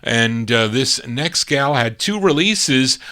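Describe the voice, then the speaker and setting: A male record show host with a voice of ordinary pitch. He chats casually between songs and rambles through label names and release dates in a loose, unscripted way. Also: lively intonation, slow pace, sharp tone. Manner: chatty, rambling, reads out label and release details. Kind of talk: casual record-spinning DJ chat.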